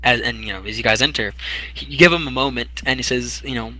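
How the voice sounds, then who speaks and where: Bright-voiced male game master. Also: mid-range voice, fast talker, no echo, poor audio. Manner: rambling narration with many fillers and restarts. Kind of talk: narrating a tabletop game.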